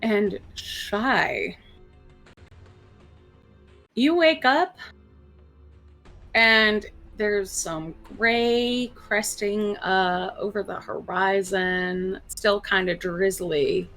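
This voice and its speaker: A woman's voice: medium pitch, extremely slow, pauses often, fairly bright tone. A woman running a tabletop game as game master, narrating unhurriedly with small fillers. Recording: faint music behind.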